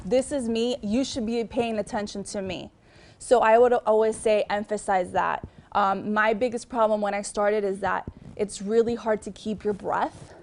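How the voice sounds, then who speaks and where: A woman's voice: medium pitch, slight background noise. A young woman with a Miami accent, a TV news reporter, giving chatty advice to students with lots of ums and restarts. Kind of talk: casual advice talk to students.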